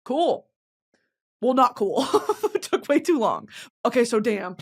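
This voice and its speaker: A young woman from the American South talks into her vlog in a loose, giggly ramble full of slang and swearing. Her pitch swoops up and down all the time. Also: takes it slowly, long pauses. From Southern United States. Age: 20s. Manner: animated, giggly, slangy and profane. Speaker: vlogger. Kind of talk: casual rambling monologue.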